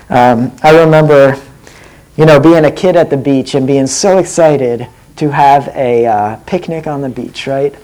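A man's voice: a little high, measured pace, mellow, low-quality recording. Earnest man preaching a sermon. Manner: earnest, asks the listeners direct questions.

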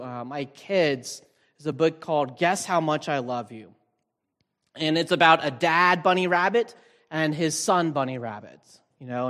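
A man with a slightly high voice speaks as a pastor from the front of a large, reverberant hall. His sermon is casual and searching, full of small fillers and restarts. Each phrase rings out in a long tail of reverb. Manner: relaxed, thinking aloud with frequent fillers and restarts. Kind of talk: conversational sermon.

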